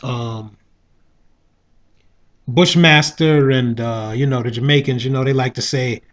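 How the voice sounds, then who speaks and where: A man's voice: mid-range voice, fairly even intonation, measured pace, a bit bright, muffled recording. A man giving a casual, rambling spoken review of a show, often asking "you know what I mean". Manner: rambling, with frequent 'you know what I mean'.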